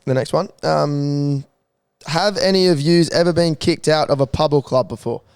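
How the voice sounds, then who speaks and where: A man's voice: a little high, normal speed, smooth, dry recording. A young man co-hosting a podcast in casual banter, laughing and swearing often. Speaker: podcast co-host. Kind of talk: casual chat.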